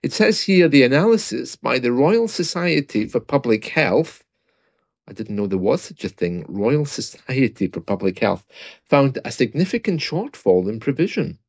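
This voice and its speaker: A man's voice: mid-range voice, gravelly, darkish tone, dry recording. A British man talking casually and reading a news report aloud, chatty and self-mocking, with asides and small laughs. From Britain.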